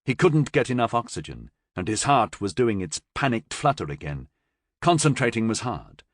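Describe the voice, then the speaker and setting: A man narrating a science fiction audiobook with expressive, dramatic storytelling on a close mic. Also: mid-range voice, moderate pace, no echo. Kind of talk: scripted narration.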